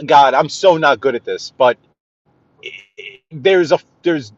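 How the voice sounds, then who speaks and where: A man with a New York accent chatting to viewers while driving, greeting them by name and often clearing his throat. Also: on the high side, takes it slowly, dry recording, lo-fi sound. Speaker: livestream host driving. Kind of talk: casual live-stream chat while driving. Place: inside a car on city streets.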